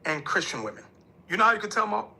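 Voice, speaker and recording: A man's voice: high-pitched, very animated, fast, gravelly, sharp tone, husky. A man speaking as a religious leader in an interview, emphatic and preachy, often acting out quoted voices. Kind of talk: interview talk.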